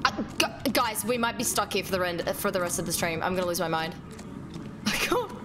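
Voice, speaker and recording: Woman streamer, lively up-and-down voice, excitable, swears, chats with viewers, game music behind. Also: on the low side, a little fast. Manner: excitable, swears a lot, talks to chat. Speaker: livestreamer. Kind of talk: casual gameplay livestream chat.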